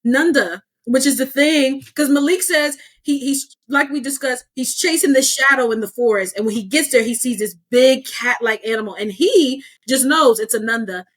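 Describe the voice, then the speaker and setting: A woman co-hosting a casual book podcast, reacting with enthusiasm and expressive asides. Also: sits high, normal speed, few pauses.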